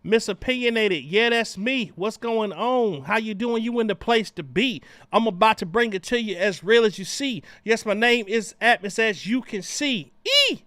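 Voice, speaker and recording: A man hosting a casual livestream chat, loud and animated as he greets viewers. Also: high voice, moderate pace, few pauses, dry recording. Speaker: livestream host.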